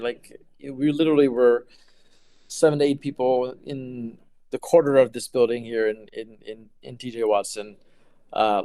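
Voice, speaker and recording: Man, middle-aged, smooth resonant voice, dry recording; casual halting answers full of fillers. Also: mid-range voice, mellow, dry recording. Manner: hesitant, many fillers and restarts. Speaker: quantum computing engineer.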